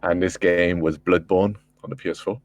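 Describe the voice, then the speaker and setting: A man on a gaming podcast, talking casually and swearing, working himself up into excited storytelling. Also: deep voice, normal speed, no echo. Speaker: podcast panelist. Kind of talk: casual chat.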